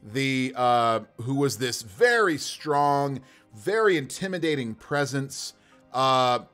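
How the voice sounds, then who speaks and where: This livestreaming game master, a man, rolls dice to build characters and chats casually, animated and often laughing. He speaks slowly at a medium pitch, soft music playing behind.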